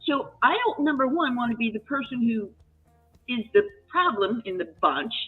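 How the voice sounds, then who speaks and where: A woman retelling a work story in casual chat, animated and emotional, with many restarts. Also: on the high side, moderate pace, slightly rough. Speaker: live chat guest. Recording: tinny phone-line audio with faint music.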